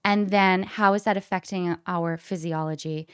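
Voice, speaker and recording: A woman's voice: lowish voice, steady tone, normal speed, clear, resonant tone, dry recording, clean studio sound. A woman voice coach, a guest on a podcast, explaining her ideas in a thoughtful way with everyday examples. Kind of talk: casual interview chat.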